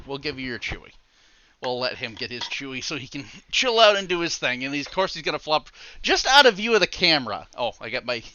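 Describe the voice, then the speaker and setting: A man hosting a casual livestream from his computer on a headset mic, chatty and easygoing with frequent soft laughs. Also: a little high, no room sound, lo-fi sound. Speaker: streamer. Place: home room at his computer. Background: faint background music.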